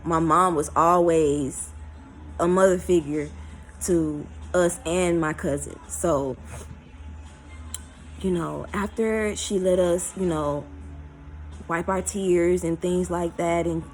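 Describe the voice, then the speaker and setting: A woman tells a personal story in a vlog, emotional and halting, with many fillers. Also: lowish voice, steady tone, soft background music, rough recording. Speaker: vlogger.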